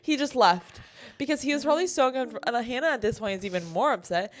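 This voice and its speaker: A woman's voice: fairly high pitch, fast talker. Podcast co-host, young woman, casual storyteller who swears a lot and quotes everyone. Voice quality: swears freely, animated retelling with quoted voices.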